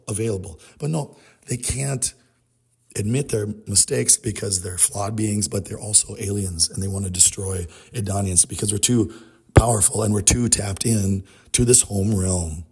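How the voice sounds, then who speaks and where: A man's voice: on the low side, normal speed, a little mellow, slightly rough. A man giving a rambling spiritual monologue, trailing off and restarting his thoughts as he goes.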